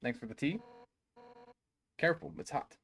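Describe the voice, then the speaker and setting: A man's voice: on the high side, normal speed, fairly bright tone. A man reading aloud the lines of a brash female fish warrior who leads a royal guard, in his own everyday voice during a live game stream. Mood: boastful, casual.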